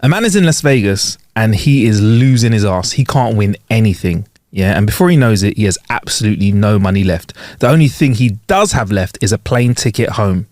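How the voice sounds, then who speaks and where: A man's voice: on the low side, a little mellow, no room sound, clean studio sound. A man co-hosting a podcast, telling jokes casually, laughing often and correcting himself. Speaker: podcast co-host.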